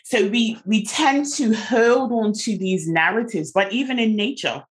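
A woman's voice: on the high side, measured pace. A woman hosting a podcast, speaking emphatically and encouragingly, often checking in with "right?". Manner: emphatic, encouraging, uses rhetorical "right?" and "listen". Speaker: podcast host. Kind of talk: casual podcast conversation.

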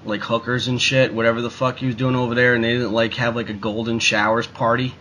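A man's voice: medium pitch, level tone, quick pace, bright, forceful tone, slight background noise, poor audio. A man ranting in a casual talk show, swearing constantly and rambling with lots of fillers. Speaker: podcast co-host. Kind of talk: profane casual rant.

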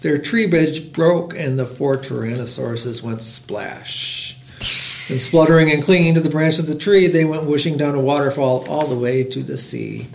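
Man, middle-aged, gravelly, somewhat high voice, library podcast host, picture-book read-aloud. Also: moderate pace, reverberant, slight background noise. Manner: lively storybook reading with voiced characters.

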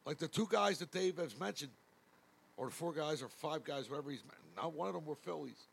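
A man's voice: fairly high pitch, brisk, creaky, breathy edge. A man co-hosting a sports chat, arguing his points with heavy swearing.

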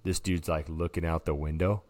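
Deep-voiced and speaking at a normal speed in a dry recording, this podcast co-host spins a story during laid-back conversation, animatedly performing the quotes and dropping "dude" constantly.

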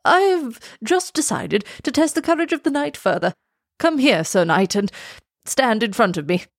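Woman playing old storybook king, pompous, excitable, high commanding voice, dry close sound. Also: moderate pace, dry recording.

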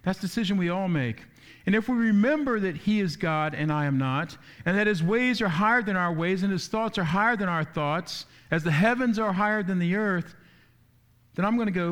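A man with a high voice preaches to his congregation in an animated, conversational way. He keeps slipping into the voices of the people he quotes, and the talk has the feel of a church sermon. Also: fairly quick. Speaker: pastor.

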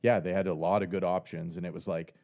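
Podcast co-host, male, from Canada, relaxed slang-heavy delivery, low and warm. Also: fast talker, gravelly. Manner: laid-back, slangy, dry humor. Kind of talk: casual chat.

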